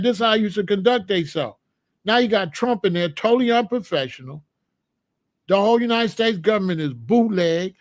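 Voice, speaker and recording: Blunt, high-voiced man ranting. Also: expressive, a little fast, no room sound, studio quality. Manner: blunt, emphatic and scolding. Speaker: commentator. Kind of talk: opinionated monologue to a live chat.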